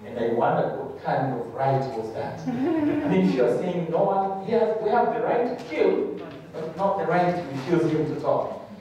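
A man's voice: high-pitched, normal speed. Man preaching a vivid testimony in an echoey hall. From Rwanda. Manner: animated storyteller who acts out quoted voices. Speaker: guest speaker giving a testimony. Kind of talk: testimony sermon. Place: church hall. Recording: very echoey hall, mic far off.

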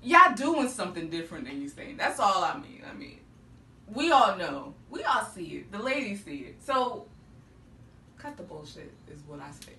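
A woman's voice: medium pitch, big pitch swings, normal speed, bright, forceful tone. A woman hosting a casual chat, playful and laughing often. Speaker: host. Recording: roomy, distant, noisy.

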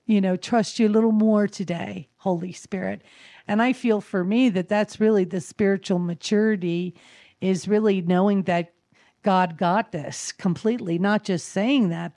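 A woman sharing her faith at a spiritual gathering, earnest and gentle, searching for words with many fillers and restarts. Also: medium pitch, dry recording, studio quality. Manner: gentle and devotional.

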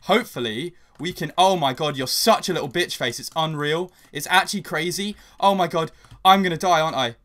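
A young man with a slightly high voice narrates his game as he plays, in a loose, chatty way. He rambles, corrects himself, and turns loud and excited, swearing and laughing, when things go wrong. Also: fairly quick. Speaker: gaming channel host. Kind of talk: casual gameplay commentary.

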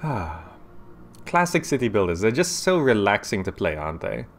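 A man casually commenting as he plays a city-building game, chatty and quick to laugh, recorded on a desk microphone at home. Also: on the low side, very animated, slight background noise. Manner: chatty, laughs often, talks through his thoughts aloud. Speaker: gaming YouTuber. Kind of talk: casual let's-play commentary.

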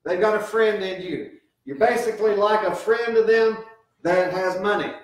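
A middle-aged pastor with a high voice preaches a sermon at a moderate pace in a church sanctuary, captured by a distant mic in the echoey space. He speaks earnestly and conversationally about raising children, weaving in quoted voices.

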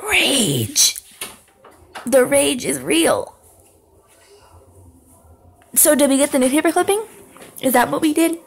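High, gravelly young woman gaming. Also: very animated, slow, long pauses. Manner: talks to the game, sings along, yells when scared. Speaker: gaming channel host. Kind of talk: horror game let's play commentary.

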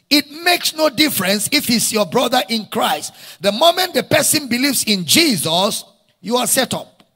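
A man's voice: sits high, bright, forceful tone, slightly rough. A man with a Nigerian accent, preaching a sermon to a congregation, leading call-and-response and repeating key phrases for emphasis. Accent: Nigerian English. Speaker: pastor. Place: church hall. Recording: reverberant church hall.

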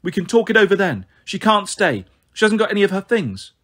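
A man's voice: high voice, big pitch swings, a little fast, fairly bright tone, voice pushed up, full character voice. A man voicing a distraught, unstable mother pleading on the phone, in an audiobook reading. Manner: pleading, emotional.

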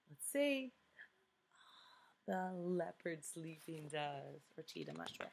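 A woman's voice: low-pitched, sing-song, takes it slowly, creaky, long pauses. A woman reading a picture book aloud to young children, asking them questions to guess each answer and dropping to a whisper for suspense. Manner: dramatic hushed whispers for suspense.

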